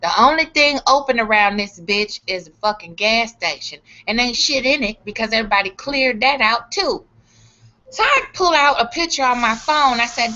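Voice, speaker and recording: Middle-aged woman from Chicago, bright forceful voice, loud profane vlog rant, dull lo-fi sound. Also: fairly high pitch, normal speed. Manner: profane, animated, acts out other people's lines. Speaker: vlogger. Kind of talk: casual storytelling rant.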